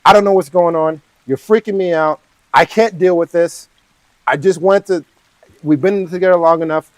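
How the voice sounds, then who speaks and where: A man's voice: high-pitched, steady tone, normal speed, no room sound, close to an everyday voice, low-quality recording. A man doing an exasperated fiancé breaking up. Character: fed-up young man breaking off engagement.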